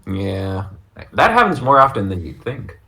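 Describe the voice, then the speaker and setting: A young man in his twenties co-hosting a podcast, playful and quick to slip into put-on voices for a bit. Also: fairly low pitch, very animated, vocal fry, pushed and bright. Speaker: podcast co-host. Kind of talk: casual chat.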